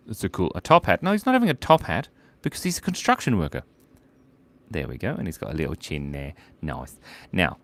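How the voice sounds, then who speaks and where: A man hosting a casual live drawing stream, giggly and playful, telling silly jokes while he draws at his desk at home. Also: rumbling low. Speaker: art stream host.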